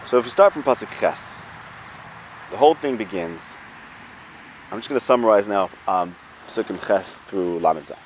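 A man's voice: on the low side, lively intonation, normal speed, pauses often, a little hiss or hum. A man giving an informal Torah lesson, talking things through conversationally with rhetorical questions and restarts. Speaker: Torah teacher.

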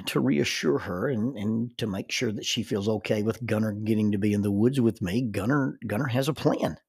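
An older man, a grandfather, telling a reflective story with halting starts and repeated words. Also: medium pitch, gravelly, husky. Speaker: grandfather telling life-lesson stories.

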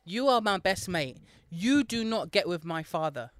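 A woman's voice: lowish voice, lively intonation, moderate pace, no echo. Brash woman, dry close sound. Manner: loud, teasing, swears freely. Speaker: podcast co-host. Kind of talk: casual chat.

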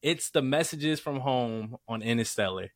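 Excitable man rambling on a podcast. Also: mid-range voice, normal speed, no room sound, clean studio sound. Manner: rambling, excitable, filler-heavy. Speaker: podcast co-host. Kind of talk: casual chat.

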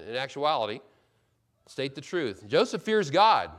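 A man preaching a sermon as pastor, paraphrasing the characters of a Bible story and swinging from loud emphasis to quiet, hushed asides. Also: mid-range voice, very animated, normal speed.

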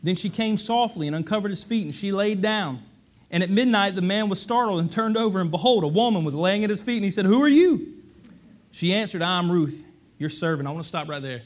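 Man, pastor, sermon, high voice, animated, conversational, rhetorical questions. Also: fairly quick.

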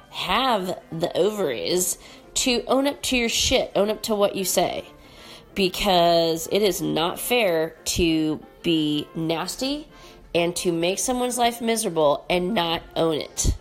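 A woman with a stuffy, nasal voice talks on her own podcast, frank and emphatic, with a mid-range pitch. She speaks plainly and casually, with faint music behind her. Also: expressive, a little slow. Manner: candid, emphatic, frank with mild swearing. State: congested, nasal from allergies. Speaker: podcast host. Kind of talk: casual solo podcast talk.

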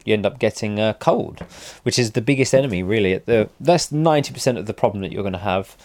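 A man's voice: fairly low pitch, fast talker, a little mellow, dry recording. A man, a motorcycle vlogger, telling a story in a casual, rambling and wry way, often correcting himself.

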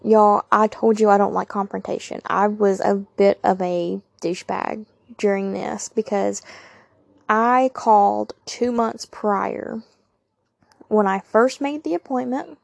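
A woman's voice: mid-range voice, steady tone, takes it slowly, vocal fry, dry recording. A young woman, candidly telling a personal story on her podcast with emphatic asides to listeners. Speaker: podcast host.

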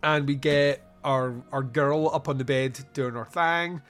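With soft music in the background, a man hosts a podcast and chats casually about a film, laughing often and acting out lines in silly voices. His voice is on the high side, a little slow and a bit bright.

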